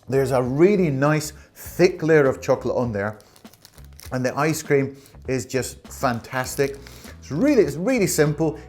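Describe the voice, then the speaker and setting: A man with an everyday mid-range voice, talking through a snack taste test in a loose, enthusiastic way. He chuckles often and keeps the chat light and friendly. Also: medium pitch. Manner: enthusiastic, chatty, laughs often. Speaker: food vlogger. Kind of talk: casual taste-test review.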